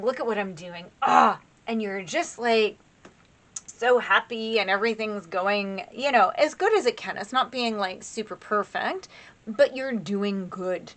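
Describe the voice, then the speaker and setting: A woman giving a casual tarot reading to camera in a chatty, rambling way, laughing at herself and filling pauses with "um" and "right?". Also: mid-range voice, a bit bright, a little hiss or hum. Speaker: tarot reader.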